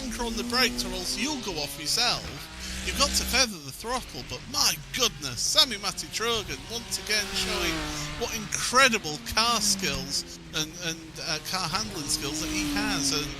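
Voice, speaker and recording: A man's voice: sits high, animated, normal speed, over loud music. A man commentating a sim race in a chatty, joking way, with lots of fillers. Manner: chatty, jokey, many fillers.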